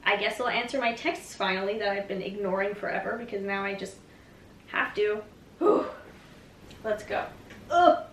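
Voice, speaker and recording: A woman's voice: medium pitch, little pitch movement, brisk, a bit bright, roomy sound, slight background noise. A young woman in her twenties telling a rambling story to camera in a casual vlog, full of "like" and quoted thoughts. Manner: chatty, rambling, frequent "like". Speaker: vlogger.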